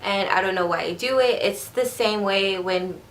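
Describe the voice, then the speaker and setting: Woman, native Spanish speaker, vlogger, chatty, repetitive, slurs when fast, medium pitch. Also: a bit bright, a little hiss or hum. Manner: chatty, rambling, repeats herself. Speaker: beauty vlogger. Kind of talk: casual chat to camera.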